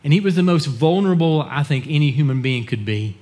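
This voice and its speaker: A man's voice: animated, fast talker, darkish tone. A man preaching as a pastor, telling a story in an earnest manner and acting out the people he quotes. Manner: earnest, acts out quoted dialogue in a lowered voice. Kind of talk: sermon storytelling.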